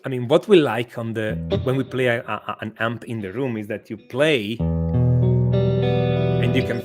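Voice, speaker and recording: A man's voice: mid-range voice, normal speed. A man who is a guest guitar teacher, explaining guitar sound with frequent laughs and lots of "okay"s, talking from a small home studio. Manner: explanatory, laughs often, with many okays. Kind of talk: casual chat.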